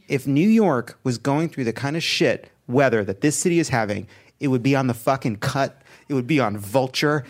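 A man hosting a live comedy talk show, joking wryly and swearing freely in front of an audience. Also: medium pitch. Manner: wry, profane, joking. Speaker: host. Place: stage before a live audience.

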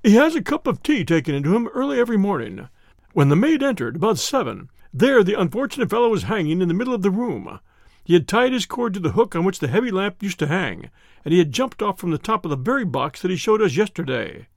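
A man's voice: high voice, sing-song, quick pace, gravelly, no echo, studio quality, full character voice. A man voicing a shaken, agitated male doctor who speaks in a breathless, distressed way.

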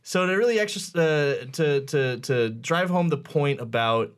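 A man's voice: fairly high pitch, unhurried, clean tone. A man hosting a podcast, talking casually in a rambling, sardonic way with lots of fillers. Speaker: podcast host. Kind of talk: casual chat.

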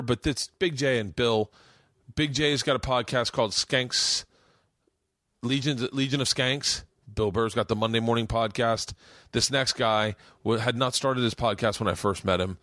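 A man hosting a podcast, introducing a clip in a rambling, casual way with many pauses and restarts. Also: mid-range voice, a bit bright, dry recording, clean studio sound. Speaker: podcast host.

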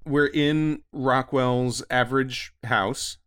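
A man's voice: mid-range voice, fairly even intonation, slow pace, fairly bright tone, clear, resonant tone, dry recording, studio quality. A man co-hosting a music podcast in casual chat, rambling with fillers. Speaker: podcast co-host.

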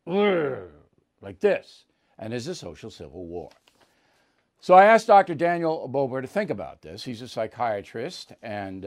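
A man hosting a show of opinionated political commentary, talking bluntly and hammering his points with repetition. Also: mid-range voice. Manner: emphatic, blunt, repeats points for punch. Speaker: host.

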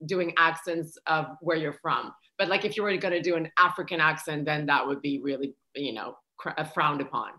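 Low, bright-voiced hesitant woman comic. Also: moderate pace, hardly any pauses. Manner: hesitant, with many uh's and restarts. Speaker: comedian guest. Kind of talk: casual panel chat.

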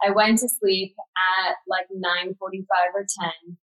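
Woman, thirties, podcast guest, casual storytelling, animated, lots of fillers, mid-pitched. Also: a little slow, rough recording. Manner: animated, filler-heavy retelling with frequent "like".

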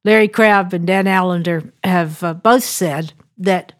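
A woman's voice: fairly low pitch, a little slow, dry recording, clean studio sound. An older woman co-host telling a family story as a devotional reflection, acting out the voices she quotes. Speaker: podcast co-host.

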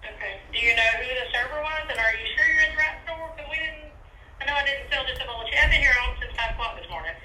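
A woman's voice: sits high, animated, fast talker, bright, forceful tone, slight background noise. A woman answering a restaurant phone, polite and hesitant, heard over a phone speaker. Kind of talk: phone call. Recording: distant echoey phone speaker.

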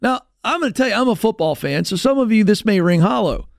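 A man's voice: lively intonation, quick pace, creaky, no room sound, studio quality. Sarcastic, ranting male radio host. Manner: sarcastic and ranting, big swings in pitch. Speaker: talk show host. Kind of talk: sarcastic opinion monologue. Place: radio studio.

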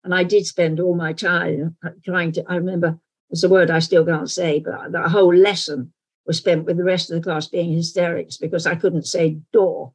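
Older English actress, frank and wry. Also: female voice, on the low side, flat delivery, breathy edge, low-quality recording. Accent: London, softened toward received pronunciation. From England. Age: 80s. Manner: frank, wry, measured storytelling. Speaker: actress guest. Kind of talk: reflective interview conversation.

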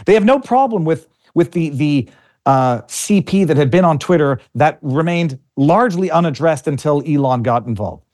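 A man speaks as an interview guest in a fairly high voice. He argues with fierce conviction and a combative edge, often stumbling and repeating words as he builds his point. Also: a little mellow. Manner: impassioned, combative, repeats words while gathering thoughts. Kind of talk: conversational interview.

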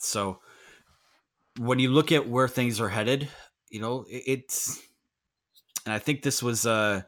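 Man, sports podcast host, bright forceful voice, rambling, joking asides. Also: lowish voice. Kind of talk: casual sports podcast chat. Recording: remote call audio.

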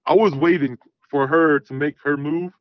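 A man's voice: a little high, fairly even intonation, normal speed, dry recording. A man telling a long personal story in casual, rambling talk, full of swearing and "I'm like" asides. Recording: dull lo-fi sound.

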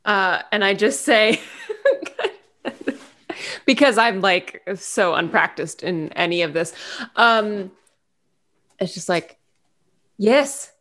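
A woman's voice: medium pitch, slow, long pauses, fairly bright tone. A woman playing a tabletop game, describing her moves in a giggly, hesitant way. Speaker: player. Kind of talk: casual tabletop role-play.

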